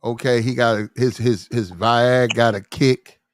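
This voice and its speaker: Laid-back man, mid pitch, agreeable, casual storytelling. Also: steady tone, unhurried, clear, resonant tone. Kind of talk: casual chat.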